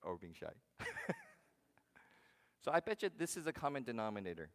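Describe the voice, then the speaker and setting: A man pastor giving a conversational sermon, asking the congregation questions and swinging between loud, punchy lines and hushed ones. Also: lowish voice, sing-song, moderate pace. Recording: long hall reverb.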